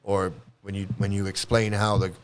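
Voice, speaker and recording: A man's voice: lowish voice, completely flat delivery, moderate pace, clean tone. A man giving a rambling, blunt commentary in casual monologue, swearing freely and restarting his sentences often. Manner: rambling, blunt, profane, many restarts and fillers. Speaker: ex-cult commentator.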